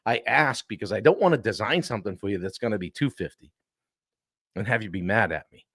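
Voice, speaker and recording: Animated male sales coach, dry sound. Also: fairly low pitch, brisk, dry recording. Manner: animated, acts out client calls, clears throat often. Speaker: sales coach and show host. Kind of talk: live-stream coaching talk.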